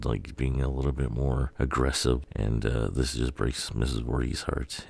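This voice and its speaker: A man with an extremely deep, gravelly voice talks through a story idea in a loose, rambling way. He swears casually and runs his thoughts together. The recording is close and dry, with no room sound. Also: darkish tone, dry recording. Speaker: video creator.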